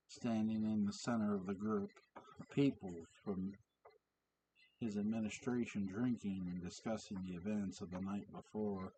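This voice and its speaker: A man reads a story aloud, slow and halting, stopping to fix his slips. His voice is low. It is picked up from a distance with a faint hiss. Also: dark tone. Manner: halting, corrects own slips. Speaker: reader. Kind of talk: reading fan fiction aloud.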